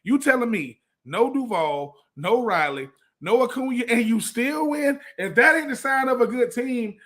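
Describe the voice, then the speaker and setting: A man's voice: very high voice, expressive, normal speed, a bit bright. A man co-hosting a casual sports talk show, emphatic and fond of repeating phrases for effect. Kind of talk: casual sports radio chat.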